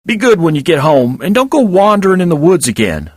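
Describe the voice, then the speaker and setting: A humble young male chipmunk speaks up in an earnest, reassuring way, as a man reading the story puts him on. His voice sits well above a grown man's ordinary pitch. This is a storybook reading. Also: big pitch swings, brisk, a little mellow, no echo, clean studio sound. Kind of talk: audiobook character voice.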